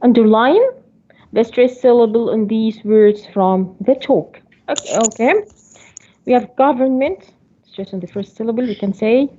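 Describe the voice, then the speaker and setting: A woman's voice: fairly high pitch, fairly even intonation, moderate pace, warm tone. A woman with a Saudi Arabic accent teaching an English class over a video call, patiently explaining step by step and often saying okay. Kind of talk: online class lecture. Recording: muffled online-call audio.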